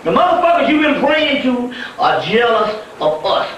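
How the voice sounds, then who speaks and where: A male spiritual teacher delivers a profane, emphatic storytelling lecture and breaks into laughter often. His voice sits very high for a man. It is captured from a distance in a heavily echoing room, with a light hiss of noise underneath. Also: big pitch swings, moderate pace, fairly bright tone. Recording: echoey room from far off, faint noise.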